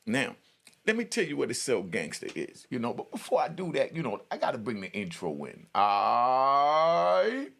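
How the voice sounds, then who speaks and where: A middle-aged man with a gravelly, husky voice tells a story in relaxed street talk. His pitch swings up and down a lot as he goes, and "you know" keeps coming back as a filler. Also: a little fast. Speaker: prison storyteller. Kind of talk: casual spoken storytelling.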